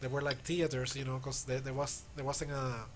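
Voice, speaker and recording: A man's voice: medium pitch, level tone, fairly quick. A man with a Spanish accent chatting as a show co-host, speaking thoughtfully and hedging with frequent "you know". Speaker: co-host and musician. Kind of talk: casual chat.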